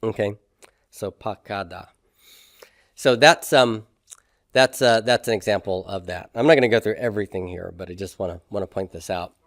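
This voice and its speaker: A man's voice: fairly low pitch, a little fast, no echo, studio quality. A man teaching a classroom lesson on grammar, explaining step by step and often checking in with "okay?" and "right?". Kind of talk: classroom lecture.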